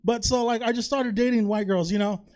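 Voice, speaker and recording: High-voiced man doing stand-up. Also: steady tone, fairly quick, a little mellow. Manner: chatty, confessional, keeps asking "you know? right?". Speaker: stand-up comedian. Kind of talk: stand-up set. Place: comedy theater stage.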